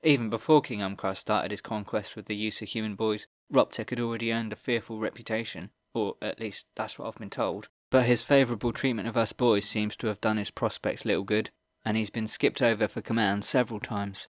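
A man's voice: lowish voice, steady tone, a little fast, no room sound, clean studio sound, natural voice. A man voicing a cheerful, easygoing teenage boy soldier in an audiobook reading. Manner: easy, chatty, cheerful.

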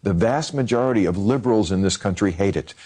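A man giving measured political analysis as a guest on a TV panel. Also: on the low side, lively intonation, darkish tone. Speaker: guest commentator.

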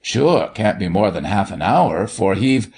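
A shy, timid young country girl from a storybook, put on by a male narrator, answering in soft, hesitant dialect. The pitch is lifted well above the reader's own, still carrying his gravelly, husky texture. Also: expressive, a little slow, full character voice.

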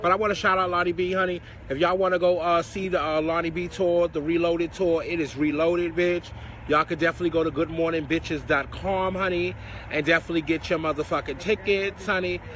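A man's voice: fairly high pitch, fairly even intonation, fairly quick, a bit bright. A man hosting a casual live stream outdoors on a city street and filmed on a handheld phone. He talks in a sassy, dramatic way, full of endearments and swearing. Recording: busy street crowd noise.

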